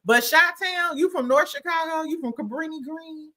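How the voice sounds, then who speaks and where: A woman's voice: high-pitched, moderate pace, pushed and bright. A woman from St. Louis hosting a casual livestream, bubbly and laughing often as she greets her chat by name. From St. Louis, USA. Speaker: livestream host.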